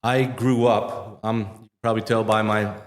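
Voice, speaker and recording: The long echo of a large live venue surrounds a middle-aged Midwestern marina owner from Wisconsin as he gives a casual, filler-heavy interview with frequent restarts at a fishing center show. His voice is on the low side, level in tone, and moderately paced.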